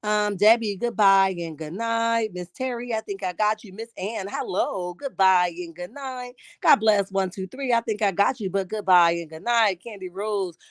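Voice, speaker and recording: Sassy live-stream hostess, mid-pitched, chatty, close dry mic. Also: female voice, moderate pace, hardly any pauses, no echo. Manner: sassy, keeps saying "honey", reads chat aloud. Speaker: livestream host. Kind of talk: casual live-chat gossip.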